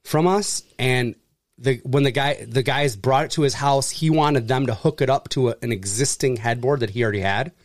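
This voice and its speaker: A man telling a story in casual chat, acting out the people in it with jumps in voice and plenty of swearing. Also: moderate pace. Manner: animated, acts out quoted people with pitch jumps, swears freely. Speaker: furniture delivery and service worker.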